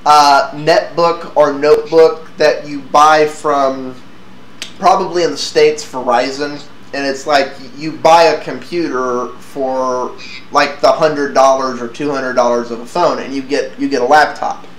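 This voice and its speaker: A man's voice: mid-range voice, fairly even intonation, measured pace. A man hosting a casual tech chat, stumbling over restarts and laughing often. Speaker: podcast host. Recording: echoey room with faint noise.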